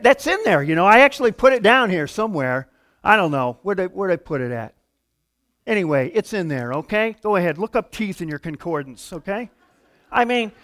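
A middle-aged man preaching a sermon in a conversational, animated way, going from hushed asides to loud outbursts. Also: sits high. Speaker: pastor.

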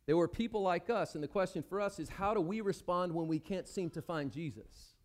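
Man, pastor, sermon, church service, slightly high voice, conversational, questions the congregation. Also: fairly quick, a little mellow.

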